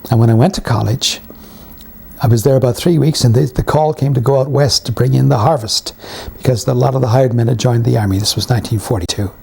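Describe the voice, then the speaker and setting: A husky, raspy-voiced man. His tone is mellow and warm as he tells wry career anecdotes in an interview. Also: mid-range voice, fast. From Canada. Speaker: veteran actor and writer being interviewed. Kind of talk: reminiscing interview.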